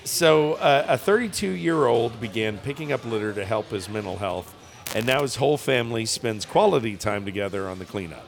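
A man with a gravelly, creaky voice retells a news story on a comedy podcast. He rambles, fills gaps with "uh" and drifts into jokes. Faint music plays underneath. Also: mid-range voice, animated, moderate pace. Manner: joking, rambling with fillers. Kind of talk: casual comedic chat.

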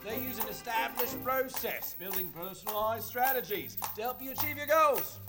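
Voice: mid-range voice, normal speed, natural voice. Actor as a jovial Cockney comedian showing off his carriage, music underneath. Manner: jovial, hearty chuckling. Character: Cockney comedian man turned carriage driver, cheerful and boastful. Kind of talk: radio play acting on stage.

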